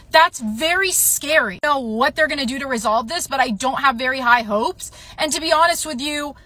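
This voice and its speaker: Young woman, storytime vlog, shaken and talky, lots of filler words, bright, forceful tone. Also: high voice, no room sound. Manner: upset, telling a personal story with many "like" fillers.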